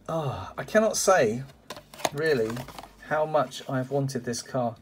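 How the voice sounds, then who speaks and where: Slow-paced and animated, this man's mid-range voice comes with slight background noise. He's a collector unboxing and reviewing die-cast toy cars from a parcel, chatting casually with frequent exclamations and plenty of "uh" and "um" fillers.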